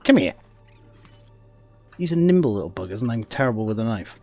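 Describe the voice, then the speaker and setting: A man's voice: on the low side, big pitch swings, racing, warm tone, faint music behind. A man with a Welsh accent giving casual gameplay commentary as a streamer, chatting with viewers and laughing often.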